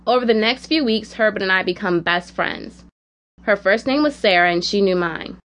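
A woman narrating a personal story in the first person, in a quiet, measured, reflective way. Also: mid-range voice.

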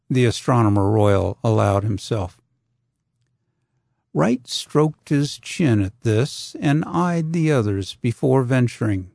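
A man narrating an audiobook in a measured, deliberate way. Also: fairly low pitch, lively intonation, creaky, darkish tone, no room sound, studio quality.

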